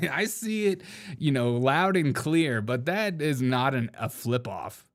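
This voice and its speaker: A man's voice: mid-range voice, lively intonation, slow, creaky. A young man hosting a casual political commentary show, joking and laughing often, mocking people in put-on quotes. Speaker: show host.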